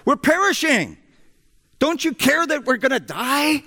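Frantic fishermen shouting for help, pitched high , as a male preacher puts them on, echoing through a hall. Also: very animated, slow pace, heavily acted. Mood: panicked. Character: terrified fishermen in a storm. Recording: echoey hall.

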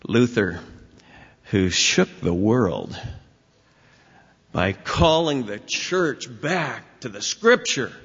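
A man preaching a sermon as pastor, with emphatic swings in pitch and volume. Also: expressive, drawn-out words, gravelly, pauses often, fairly bright tone, breathy edge. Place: church sanctuary. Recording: dull recording with long hall reverb.

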